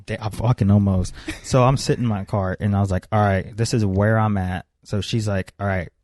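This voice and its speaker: Young man, podcast co-host, swears a lot, lower voice, dark mellow tone. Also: a little fast, no echo. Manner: profane, animated storyteller. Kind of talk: casual storytelling chat.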